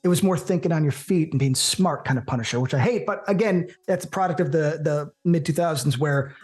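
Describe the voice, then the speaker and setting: Animated opinionated man chatting about movies. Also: on the high side, a little fast, soft background music. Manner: animated, opinionated, profane banter. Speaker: co-host. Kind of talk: casual podcast movie chat.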